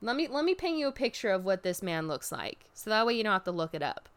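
A woman recapping a show in casual chat, animated and expressive, swearing freely and jumping up in pitch when excited. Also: fast talker, smooth. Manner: jumps high in pitch when excited, drops low for asides.

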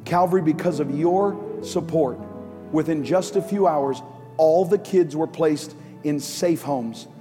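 A man preaching a sermon as pastor, swinging between impassioned, near-shouted lines and low, quiet ones. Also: unhurried. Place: large church auditorium. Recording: live church sound with long hall reverb. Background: music under the preaching.

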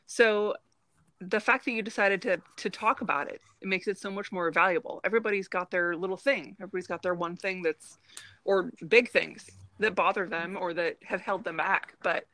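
A woman's voice: medium pitch, normal speed, bright, forceful tone, dry recording, poor audio. Encouraging woman interviewer, dry sound. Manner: encouraging, laughs often, frequent affirmations. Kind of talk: conversational interview.

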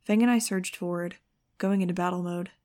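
A woman narrating an audiobook, reading lively scripted prose. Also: lowish voice, brisk. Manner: lively, shifting into excited first-person telling.

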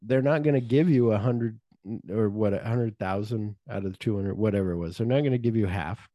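A man's voice: lowish voice, a little fast, warm tone, no room sound, clean studio sound. A man co-hosting a casual podcast chat, animatedly retelling a film's scenes, acting out the characters' lines and swearing freely. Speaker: podcast co-host. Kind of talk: casual chat recapping a film.

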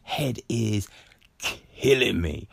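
A man's voice: lowish voice, animated, very slow, creaky, husky, no room sound. A man rambling through a funny personal story in casual chat, full of swearing and fillers.

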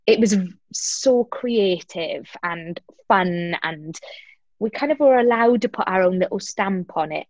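A stage actress chatting in an interview, lively and talkative, acting out quoted lines as she goes. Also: on the low side, dry recording, muffled recording. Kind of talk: casual interview chat.

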